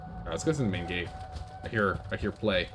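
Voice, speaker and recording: A man giving casual, joking commentary while playing a video game, excitable and quick to panic. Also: low voice, background noise. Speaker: gaming streamer.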